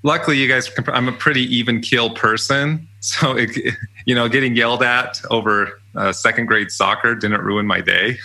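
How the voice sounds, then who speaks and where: A man's voice: mid-range voice, steady tone, moderate pace, gravelly, sharp tone. A young man telling stories about his college jobs in a casual, chatty way, often laughing. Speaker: podcast guest. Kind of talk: casual storytelling interview.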